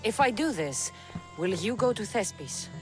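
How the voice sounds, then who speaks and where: An actress playing a composed female warrior mercenary, calm and terse. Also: mid-range voice, moderate pace, over music, lightly acted.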